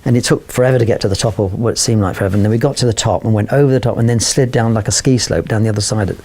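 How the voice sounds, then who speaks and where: Older man from London spinning a rambling yarn, quick and gravelly, low voice. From London, England. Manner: rambling, animated, many fillers and restarts. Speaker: photographer guest. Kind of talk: anecdotal storytelling.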